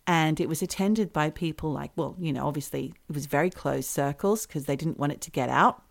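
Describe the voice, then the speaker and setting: A woman hosting a comedy podcast, telling a story in an animated, mock-serious way. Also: low voice, a little fast, gravelly.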